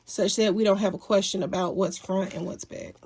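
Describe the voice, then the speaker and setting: A woman's voice: medium pitch, fairly even intonation, brisk, background noise. A woman hosting a casual sewing tutorial at home, chatty and folksy with apologetic asides, a little sniffly, recorded on a phone by her sewing machine. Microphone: phone mounted near sewing machine.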